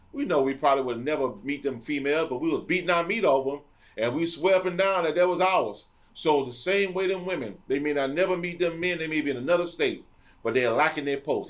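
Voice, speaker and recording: A middle-aged man preaching with fervent, blunt conviction. He repeats lines for emphasis as he drives each point home, speaking in a voice that sits a bit higher than most men's. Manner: impassioned, blunt and repetitive. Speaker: podcast host. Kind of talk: preaching monologue.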